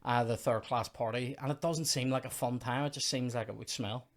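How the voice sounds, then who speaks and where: A man's voice: medium pitch, steady tone, brisk. A man hosting a comedy podcast, ranting in mock outrage and casual chat about a film.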